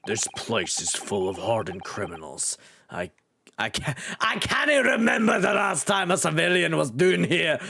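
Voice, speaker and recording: A man's voice: a little high, very animated, normal speed, vocal fry, sharp tone, no room sound, clean studio sound, voice pushed up, full character voice. A man voicing a burly, blustering male prison governor in a put-on Glaswegian Scottish accent while playing a game. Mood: elated.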